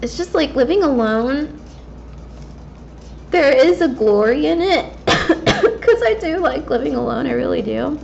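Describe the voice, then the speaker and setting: This woman's voice sits high and is a little mellow, with lively intonation, vocal fry, and a measured pace that pauses often. A gaming vlogger in her twenties, she rambles candidly and casually with many fillers as she plays. The lo-fi mic is slightly dull, with faint background hiss.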